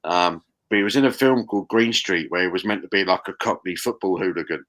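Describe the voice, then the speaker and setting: A man, chatting casually on a live stream, animated and quick to laugh. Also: low voice. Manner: animated, laughs often, British slang. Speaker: guest. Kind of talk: casual chat.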